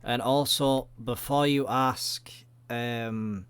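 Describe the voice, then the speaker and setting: A man's voice: mid-range voice, slow, a bit bright, clean tone. A man giving rambling, jokey let's-play commentary, swearing often. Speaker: gaming video creator.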